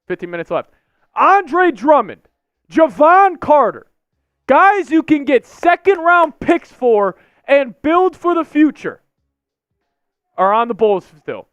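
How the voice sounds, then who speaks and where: A young man with a high, smooth voice rants on a live stream, repeating his complaints in frustration. The sound is dry and a little dull, like lo-fi stream audio with faint music behind him. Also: no echo. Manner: frustrated, repetitive ranting.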